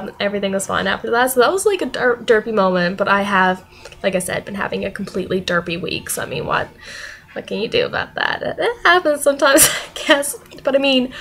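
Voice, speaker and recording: A young woman telling stories from her week in a casual vlog, animated and laughing often. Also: mid-range voice, slight background noise. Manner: animated, laughing often, acting out quoted voices. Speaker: vlogger.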